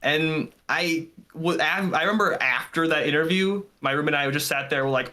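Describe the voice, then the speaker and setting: A man chatting as a podcast guest about his film, earnest and animated. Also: a little high, moderate pace, few pauses. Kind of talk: casual chat.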